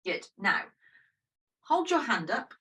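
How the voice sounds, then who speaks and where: A woman guiding a yoga breathing practice in a gentle, chatty, self-deprecating way. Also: a little high, sing-song, slow, far from the mic, rough recording. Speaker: yoga teacher. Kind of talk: guided breathing instruction.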